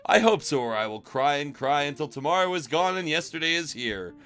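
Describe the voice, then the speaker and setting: A man's voice: on the high side, sing-song, a little fast, fairly bright tone, clear, resonant tone. A man reading aloud in the voice of a sassy, free-spirited woman who speaks in a breezy, encouraging way.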